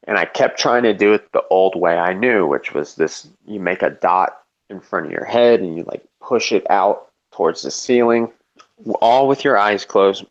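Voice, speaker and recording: A man tells a long, meandering story in a relaxed chat, swearing freely and leaning on filler words as he goes. His voice sits fairly low. The audio is dull and lo-fi, like a home stream. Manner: rambling, profane, filler-heavy storytelling. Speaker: storyteller in a live debate chat. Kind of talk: casual chat.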